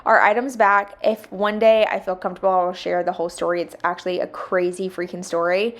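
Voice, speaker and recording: A woman's voice: on the low side, level tone, fairly quick. A young woman, chatting casually in a home vlog while she cleans, laughing often and venting in exasperation. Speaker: vlogger.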